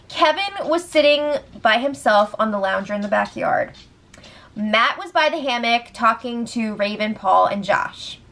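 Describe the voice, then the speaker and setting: Woman, casual recap host, blunt, swears, slightly high voice. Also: fairly bright tone. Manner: blunt, swears freely, laughs often. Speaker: reality show recap host.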